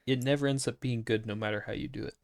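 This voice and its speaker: A young man co-hosting a podcast in casual chat, tossing off dry joking remarks at an even middle pitch. His voice sits close to the mic in a very dry, dead-sounding space. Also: fast, creaky, no room sound. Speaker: podcast co-host.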